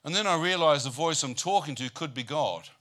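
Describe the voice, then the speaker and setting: A man preaching a storytelling sermon, his voice bright and forceful. He keeps throwing rhetorical questions at the congregation and slips dry jokes into his testimony. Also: on the high side, animated, fairly quick. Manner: humorous, asks the crowd rhetorical "how many know" questions.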